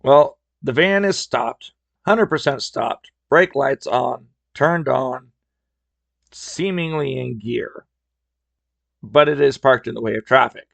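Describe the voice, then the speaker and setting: A man with a gravelly, slightly fried voice tells stories in a relaxed, wry podcast style. His pitch sits at an ordinary middle level for a man. The recording is dry and close, with no room sound. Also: takes it slowly, dry recording. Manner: wry, conversational. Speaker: podcast host. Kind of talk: casual storytelling.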